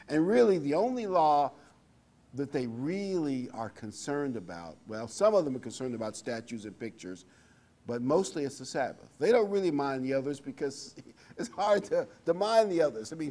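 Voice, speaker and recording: A man preaching a sermon in a relaxed, conversational way, reading scripture aloud between his own remarks. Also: on the high side, moderate pace. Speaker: pastor.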